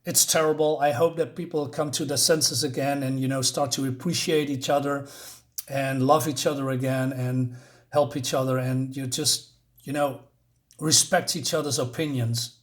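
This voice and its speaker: A man's voice: mid-range voice, steady tone, normal speed. A man giving a casual, rambling comic book review on his channel, with lots of fillers and restarts.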